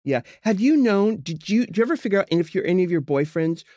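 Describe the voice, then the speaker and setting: A man in playful, theatrical podcast chat. His pitch swings widely and expressively, and the sound is close and dry with no room echo. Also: animated, fast talker, dark tone. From San Diego, USA. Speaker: podcast co-host.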